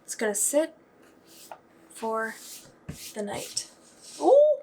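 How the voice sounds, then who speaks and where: A woman's voice: medium pitch, unhurried, background noise. A young woman in her home kitchen, chatting casually and self-deprecatingly as she narrates her baking vlog. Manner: chatty and self-deprecating, bursting into excited squeals. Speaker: vlogger.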